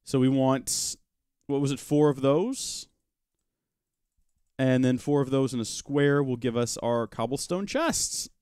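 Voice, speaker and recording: A man's voice: mid-range voice, slow, long pauses, a little mellow, clear, resonant tone, no echo, clean studio sound. A man hosting a live gaming stream, chatting casually with viewers and joking with an in-game pet as he plays. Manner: chatty, joking asides, talks to chat and his pet rock. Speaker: gaming livestream host. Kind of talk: live Minecraft modpack let's-play commentary.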